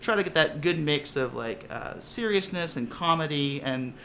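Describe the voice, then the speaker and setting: A man's voice: a little high, lively intonation, moderate pace, fairly bright tone, a little hiss or hum. A man who plays in a tabletop game, talking casually in an interview, restarting and repeating words as he goes. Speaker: tabletop game player and actor.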